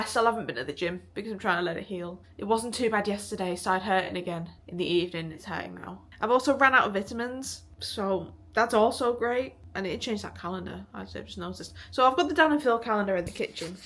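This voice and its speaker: A woman's voice: mid-range voice, fairly quick, fairly bright tone. Chatty woman vlogging. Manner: chatty, swears casually, laughs often. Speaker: vlogger and musician. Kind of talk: casual vlog chat to camera.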